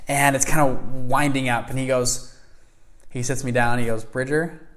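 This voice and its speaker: A young man telling a personal story in a lively way, acting out the voices of the people in it. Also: medium pitch, moderate pace. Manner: animated, acts out quoted voices. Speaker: fund founder telling his story.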